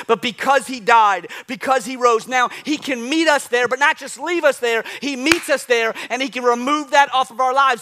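A pastor delivers a sermon in a high, bright voice. He tells animated stories and hammers his points home by repeating key phrases. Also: moderate pace, few pauses. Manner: animated storytelling preacher, repeats phrases for emphasis.

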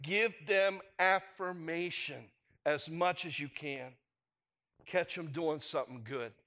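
A middle-aged man preaches a sermon in a high, light voice. He speaks slowly and deliberately, with a chatty, conversational delivery. He keeps drawing the congregation in with rhetorical questions. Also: sharp tone. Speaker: pastor.

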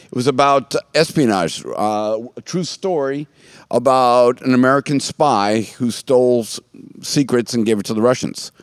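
A man hosting a casual church talk, joking around and rambling, often trailing off into soft asides. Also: medium pitch, moderate pace, smooth, no echo, clean studio sound. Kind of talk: casual chat.

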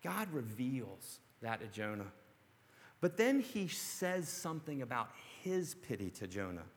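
A man preaching a sermon, dramatic and storytelling, dropping to a hush and then rising to shouts. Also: mid-range voice, very animated, unhurried. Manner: dramatic, swings from hushed to shouting. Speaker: pastor. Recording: long hall reverb.

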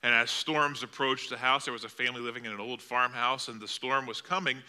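Bright-voiced male preacher. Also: medium pitch, fairly even intonation, fairly quick, clean tone. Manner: storytelling with vivid, dramatic delivery. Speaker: pastor. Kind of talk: sermon. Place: church sanctuary.

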